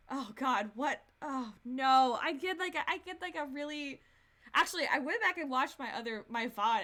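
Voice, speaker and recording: A young woman streamer giving excitable, swearing gameplay commentary and laughing at the game. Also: high-pitched.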